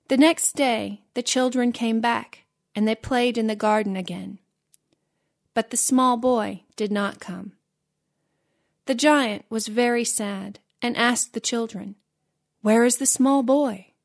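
Give me a woman reading a simple storybook slowly and clearly. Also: on the high side. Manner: slow, clear, careful reading. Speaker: narrator.

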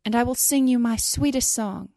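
Tender storybook nightingale, earnest and pleading, read by a woman with a warm, dry voice. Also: a little high, moderate pace, no room sound, pitched above the performer's own voice, natural voice. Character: small devoted female nightingale, brave and tender.

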